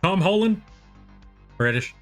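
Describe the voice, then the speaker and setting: A young American man talks off the cuff to his live-stream viewers as he draws, wandering from thought to thought and teasing himself along the way. His voice sits a little high for a man. Soft music plays quietly underneath. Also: animated, slow. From United States. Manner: rambling, self-deprecating, chats with viewers. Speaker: art streamer. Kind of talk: casual live-stream chat while drawing.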